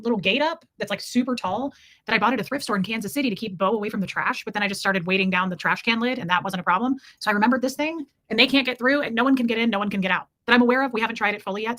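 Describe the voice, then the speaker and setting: A woman with a bright, fairly high voice chats casually on a livestream, greeting viewers one after another by name. Her talk rambles with friendly asides and loose trailing thoughts.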